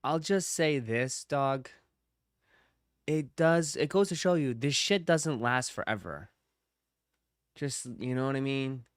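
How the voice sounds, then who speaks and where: A man's voice: medium pitch, lively intonation, slow, pauses often, smooth, no room sound, studio quality. A man hosting a reaction video, giving blunt, laid-back remarks in a casual way. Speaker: reaction host.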